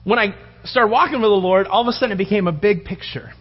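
A man's voice: sits high, fast talker, breathy edge, dull audio. A male pastor preaching a sermon, telling a long rambling story with many restarts.

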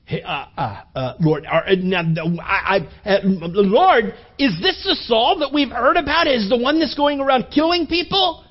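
A man voicing a nervous male disciple who stammers and pleads in a higher voice. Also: expressive, measured pace, few pauses, slightly rough, dull audio, full character voice. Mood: anxious pleading. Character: nervous disciple man questioning his Lord.

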